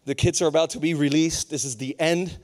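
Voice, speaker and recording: A young adult man preaching a storytelling sermon, animated and acting out the voices of people in his story. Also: a little high, a little fast. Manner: animated, acts out voices of others.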